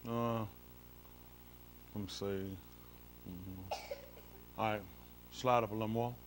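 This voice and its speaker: A man's voice: lowish voice, fairly even intonation, slow, slight background noise. A male pastor leads an informal Bible study, comparing translations and coaxing someone along with repeated "come on.".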